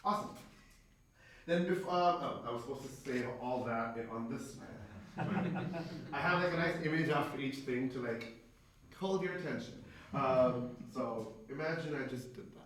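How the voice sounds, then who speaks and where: A man's voice: medium pitch, moderate pace. A man giving a chatty talk to game masters, tagging lines with "right?" and acting out quotes. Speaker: presenter. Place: event space. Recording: echoey hall, voice from far off, faint room noise.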